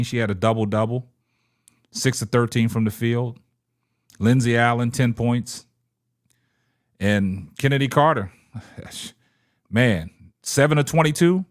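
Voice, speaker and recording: A young man hosting a casual sports podcast livestream, talking loosely, shouting out viewers and tagging "man" onto nearly every phrase. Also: mid-range voice. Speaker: podcast host.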